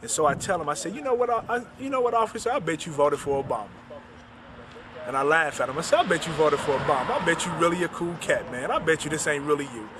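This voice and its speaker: A man, an author, recounting a personal story and retelling the dialogue in quick back-and-forth. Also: on the high side, noisy background.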